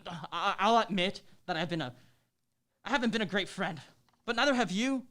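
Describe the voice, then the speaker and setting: A man's voice: high-pitched, lively intonation, brisk, sharp tone. A young actor playing a stammering, remorseful young man. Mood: defensive. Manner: hesitant, stammering, pleading. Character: young man, remorseful cheating boyfriend and friend. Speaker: stage actor in a play reading. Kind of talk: live new-play reading.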